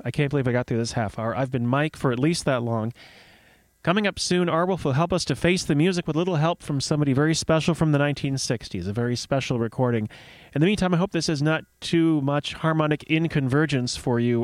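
A man's voice: mid-range voice, dry recording. A man hosting a radio show in a playful, rambling and chatty way, mixing casual talk with storytelling.

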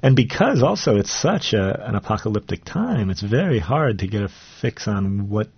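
A man's voice: fairly low pitch, big pitch swings, normal speed, breathy edge, dry recording. A man in his forties, an author, reading his own fiction aloud and then talking it over with wry, self-deprecating humour in a radio studio. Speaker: author guest. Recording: dull, dry radio studio sound.

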